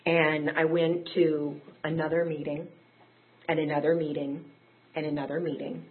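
A woman's voice: low-pitched, flat delivery, moderate pace. Candid woman telling her recovery story. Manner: candid, conversational, emotional peaks. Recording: tinny phone-like audio.

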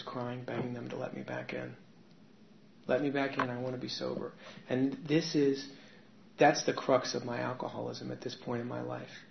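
A man's voice: medium pitch, creaky, slight background noise. A man telling his personal recovery story to a meeting in a candid, conversational way. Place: meeting room with an audience. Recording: echoey room, dull lo-fi sound.

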